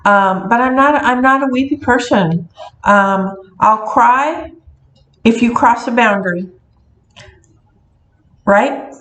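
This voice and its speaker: A woman's voice: fairly high pitch, takes it slowly, pauses often, fairly bright tone. A middle-aged woman, a witch who runs a metaphysical shop, talking casually in a rambling way with many ums and restarts. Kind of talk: casual talking-to-camera vlog. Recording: echoey room.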